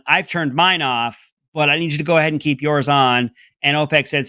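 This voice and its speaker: A man's voice: fairly even intonation, a little fast, sharp tone, clean tone, dry recording, studio quality. A man hosting an opinionated political commentary segment, talking in a mocking, sarcastic way. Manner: mocking, breaks into high mimicking voices.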